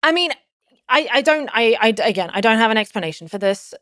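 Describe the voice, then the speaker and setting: A woman's voice: on the high side, animated, fast talker, fairly bright tone, dry recording, studio quality. A woman talking as a podcast guest, telling a personal story casually and rambling with lots of "like" fillers and restarts.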